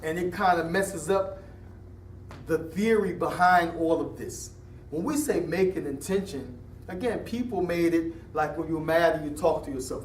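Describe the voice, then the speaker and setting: A man teaching an Islamic lesson in a casual classroom style, animated, mixing Arabic terms into his English. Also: sits high, moderate pace, reverberant, recorded from a distance, slight background noise. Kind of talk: classroom lecture with questions.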